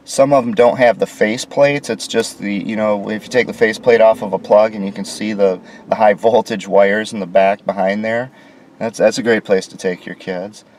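American man, deep-ish voice, griping sarcastically while filming a hotel room. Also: fairly even intonation, normal speed, a little mellow, slight background noise. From United States. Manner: sarcastic, indignant complaints. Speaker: vlogger reviewing a hotel room. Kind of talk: casual walkthrough narration.

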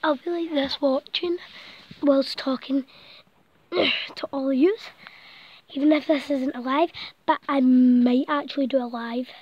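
A woman's voice: high voice, steady tone, normal speed, highs cut off. A woman vlogging from inside a small blanket fort at night, out of breath, rambling and chatty and now and then dropping to a whisper. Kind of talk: casual night vlog. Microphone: camera set close by.

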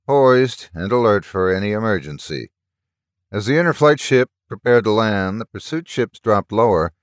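A man with a very low voice reads a story aloud in a measured, dramatic way. The sound is close and completely dry, with no room echo at all. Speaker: narrator. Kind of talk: scripted story narration.

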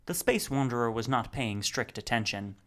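A man narrating a novel as an audiobook reader, with expressive, wry storytelling. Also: mid-range voice, moderate pace. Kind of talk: scripted narration.

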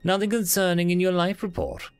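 A man voicing a polite, apologetic administrator of the afterlife, speaking gently and courteously with small hesitations. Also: high-pitched, steady tone, fairly quick, clear, resonant tone, no echo, pitched above the performer's own voice, close to an everyday voice.

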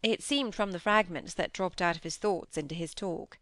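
A woman reads a classic novel aloud in a measured, even manner. Her voice sits fairly low. The sound is dry and close to the mic. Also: no echo. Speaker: audiobook narrator. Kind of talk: scripted narration of a classic novel.

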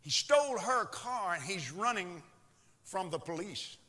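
A man preaching a sermon with a high, bright voice. His delivery is dramatic and unhurried, swinging widely from loud shouts to hushed whispers, and it echoes through a long hall reverb. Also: lively intonation. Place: church.

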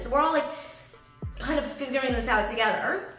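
A young woman vlogger telling a story in lively, animated detail, acting out what people said. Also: high voice, a little fast, long pauses. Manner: animated storytelling, acts out quoted voices. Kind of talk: storytime vlog. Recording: echoey room with background music. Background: soft background music.

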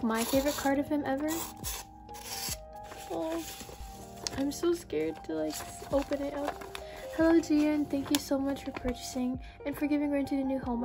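Excitable young woman gushing over an unboxing. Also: high voice. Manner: excitable, gushing, breathy exclamations. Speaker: vlogger. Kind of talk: unboxing haul vlog. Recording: background music.

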